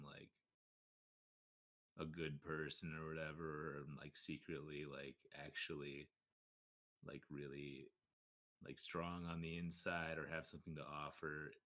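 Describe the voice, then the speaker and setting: A man plays his character in a tabletop game with a deep, low voice. He speaks haltingly and stammers often. He restarts his sentences as he searches for words. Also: fairly bright tone. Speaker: player voicing his character. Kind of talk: in-character tabletop role-play.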